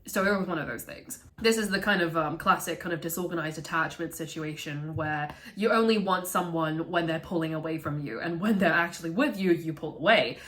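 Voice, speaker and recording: Woman chatting about a movie, animated and sweary, lowish voice but sharp and bright. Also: a little fast, hardly any pauses. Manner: animated, profane, laughs often. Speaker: vlogger reviewing a film. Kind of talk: casual film commentary.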